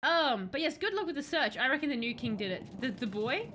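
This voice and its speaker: A woman's voice: high voice, big pitch swings, fairly quick, bright, forceful tone, a little hiss or hum, rough recording. A woman streaming a game, chatting with viewers and reading the game's lines aloud. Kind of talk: casual game streaming chat.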